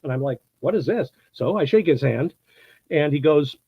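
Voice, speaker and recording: A man in his sixties from the United States, an actor telling anecdotes in a casual interview, animated and laughing often, acting out what people said. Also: a little high, moderate pace, breathy edge, no room sound, muffled recording. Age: 60s. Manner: animated storyteller, acts out quotes, laughs often.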